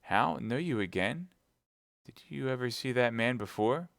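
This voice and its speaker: A gallant young swordsman, voiced by a male reader, earnest and reassuring. The sound is smooth and dry, close to the microphone. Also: medium pitch, lively intonation, measured pace, dry recording, pitched above the performer's own voice. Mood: urgent.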